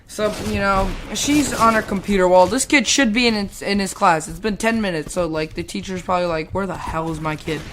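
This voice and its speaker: A woman's voice: medium pitch, fairly quick, hardly any pauses, background noise. A woman casually telling a rambling story while playing a game, swearing, laughing and acting out the people in it. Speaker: gamer telling a school story.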